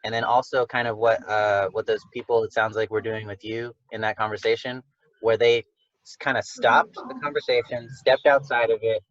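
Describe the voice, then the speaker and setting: A man's voice: mid-range voice, fairly even intonation, moderate pace, a bit bright, no echo. A man leading a casual group discussion, speaking in a rambling way with many fillers and restarts. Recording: dull lo-fi recording.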